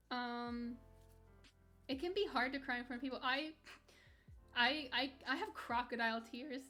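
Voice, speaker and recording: A woman's voice: high voice, sharp tone. A young woman streaming and chatting candidly with her live chat, rambling with restarts and light laughs. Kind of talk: casual chat reading live chat while gaming.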